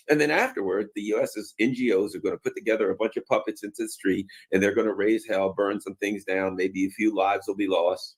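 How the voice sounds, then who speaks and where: A man delivering an off-the-cuff political commentary in a somewhat low voice. He talks loosely and colloquially, with plenty of fillers, and keeps breaking into sarcastic mock voices. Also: fast, few pauses. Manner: sarcastic, acts out mocking voices; colloquial, many fillers and asides.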